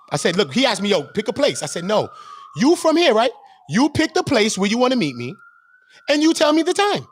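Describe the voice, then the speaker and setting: A New York man venting on his livestream, his pitch sitting a little high and swinging wildly as he works himself up. He repeats lines and slips into other people's voices, loose and profane. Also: slightly rough, no echo, studio quality. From Brooklyn, New York. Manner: animated, repetitive, profane, acts out quoted voices. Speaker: channel host. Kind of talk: heated livestream rant.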